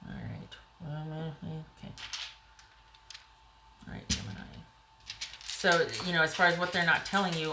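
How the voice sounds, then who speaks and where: A woman giving a casual, rambling tarot reading to viewers, her voice getting a little hoarse. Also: low voice, level tone, unhurried, long pauses, echoey room, background noise. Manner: chatty, rambling, frequent "you know" and "like". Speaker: tarot reader.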